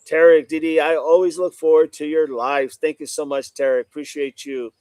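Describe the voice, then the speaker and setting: A man's voice: on the high side, flat delivery, normal speed, darkish tone, no room sound. A man hosting a casual live stream, reading out viewer comments and greeting chatters by name, often saying "no doubt about it.". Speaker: livestream host reading chat. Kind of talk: casual livestream chat.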